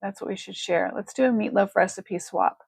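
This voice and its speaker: A woman's voice: mid-range voice, huge pitch swings, brisk, gravelly, breathy edge, no room sound, studio quality. Chatty woman hosting a livestream. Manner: chatty, effusive, thanks viewers warmly. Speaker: livestream jewelry seller. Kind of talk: casual live-stream chat.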